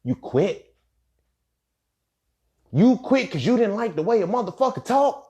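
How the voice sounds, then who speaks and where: A man giving a calm, steady, explanatory pitch for a trading course he teaches. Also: unhurried. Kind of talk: promotional pitch.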